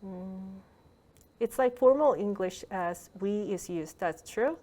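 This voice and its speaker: A woman's voice: mid-range voice, animated, slow, a little mellow. Female language lecturer, online workshop, patient explainer, talks through a video call. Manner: explains patiently, frequent fillers and restarts.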